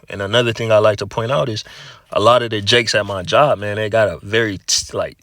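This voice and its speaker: A man with a lowish, slightly bright voice gives a casual religious testimony, recorded clean in a studio with no echo. He swears and repeats himself, leaning on fillers like "you know," "man," and "okay."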